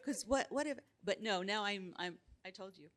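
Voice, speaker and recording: A woman's voice: mid-range voice, animated, normal speed, crowd noise. A woman in her sixties sharing a personal story on a conference panel, chatty with frequent laughter. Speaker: abortion survivor panelist. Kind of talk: live panel conversation. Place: conference stage.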